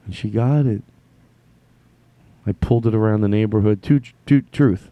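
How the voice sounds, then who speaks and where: A man hosting his own podcast, telling a rambling, self-deprecating comic story with halting restarts. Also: fairly low pitch, lo-fi sound. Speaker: podcast host.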